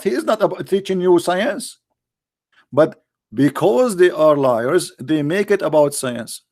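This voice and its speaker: A man with a fairly high voice delivers a solo commentary, mocking and emphatic by turns. His English carries non-native grammar, and he leans hard on sarcasm. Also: animated, unhurried, a little mellow. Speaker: online debater.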